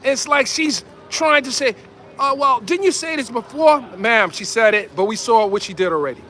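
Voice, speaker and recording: A man giving excited street commentary outdoors, repeating himself and calling out to viewers as ladies and gentlemen. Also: high voice, fairly quick. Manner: animated, repetitive, addresses viewers as ladies and gentlemen. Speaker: independent commentator.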